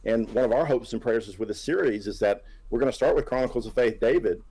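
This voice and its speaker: A man's voice: medium pitch, fast talker, warm tone, breathy edge, low-quality recording. A man talking as a guest in an interview, enthusiastic and tagging his points with a question. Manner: enthusiastic, tags points with "right?". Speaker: comic creator guest. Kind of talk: casual interview chat.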